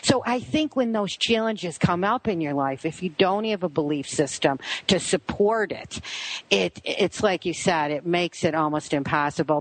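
A woman's voice: low-pitched, dry recording, rough recording. A middle-aged woman, a psychic guest on a radio show, speaking in an earnest, heartfelt way. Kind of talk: casual radio interview.

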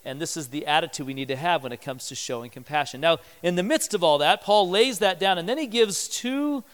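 A man delivers a sermon in a church, his voice high and smooth. He talks to the congregation conversationally and slips into short acted-out quotes. The sound carries a long hall reverb. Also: fairly quick, a bit bright. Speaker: pastor.

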